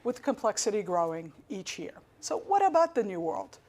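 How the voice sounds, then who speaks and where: A woman's voice: mid-range voice, very animated, darkish tone. Woman giving a formal speech. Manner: measured, formal delivery. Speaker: conference speaker.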